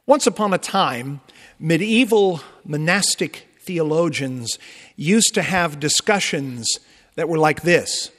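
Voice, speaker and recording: Lutheran pastor preaching in a reverberant church. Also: male voice, fairly high pitch, slow pace. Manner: expressive preaching with emphatic rises and conversational asides. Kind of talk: sermon. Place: church sanctuary.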